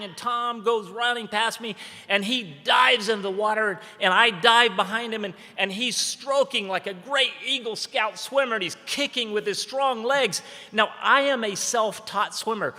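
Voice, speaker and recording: Bright, high-voiced man telling a story in an echoey hall. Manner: vivid storyteller, swings between urgent loud and hushed slow delivery. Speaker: speaker at a training event. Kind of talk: dramatic personal storytelling speech. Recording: echoey hall with long reverb.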